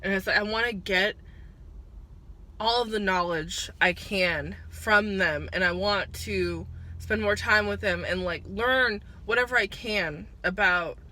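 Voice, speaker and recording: Emotional vlogger, woman in her twenties, bright voice, halting and fighting back tears. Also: mid-range voice. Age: 20s. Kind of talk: emotional personal vlog. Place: at work, on a break.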